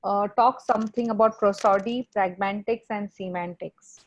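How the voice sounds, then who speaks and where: A woman's voice: medium pitch, steady tone, moderate pace. A woman moderating a webinar, politely putting questions to the speaker on behalf of the audience. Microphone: video call. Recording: muffled video call audio.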